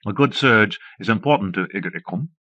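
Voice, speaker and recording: A man's voice: on the low side, lively intonation, a little fast, sharp tone, dry recording. A man reading the part of a cold, cruel woman in charge of a lab, snarling and decisive, from a dull, dry cassette audiobook.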